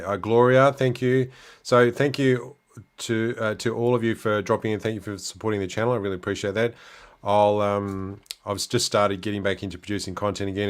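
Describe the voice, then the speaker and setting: A middle-aged Australian man hosting a livestream, casually chatting and answering viewer comments with relaxed fillers and restarts. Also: deep voice. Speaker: livestream host.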